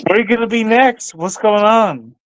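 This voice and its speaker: A man's voice: sits high, moderate pace, fairly bright tone, dry recording. A man hosting a casual livestream, rambling and musing aloud, sometimes talking to his dog. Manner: rambling, talks to his dog between thoughts. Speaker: livestream host.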